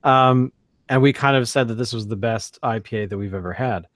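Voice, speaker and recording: A man's voice: medium pitch, brisk, fairly bright tone, dry recording. A man co-hosting a casual beer podcast, rambling with many fillers and restarts. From Canada. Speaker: podcast co-host. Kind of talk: casual chat.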